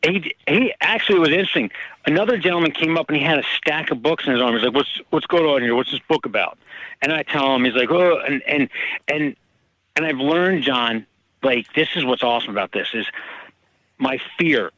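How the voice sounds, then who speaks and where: A man, an author, telling personal stories in casual conversation and lively acting out the people in them. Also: fairly high pitch, fairly quick, dry recording, highs cut off. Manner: animated, acts out quoted people. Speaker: author guest. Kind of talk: casual storytelling.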